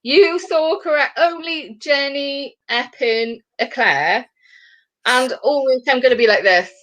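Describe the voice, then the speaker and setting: A woman co-hosting a comedy podcast over a video call, chatting animatedly and slipping into quick impressions. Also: sits high, a bit bright, muffled recording. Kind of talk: casual chat.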